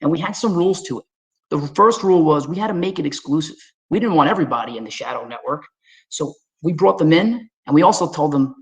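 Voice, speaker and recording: A man from Staten Island presents a webinar slideshow, addressing his audience head-on in an animated, down-home conversational tone with a New York accent. The voice is fairly high and quick, captured on a low-quality recording.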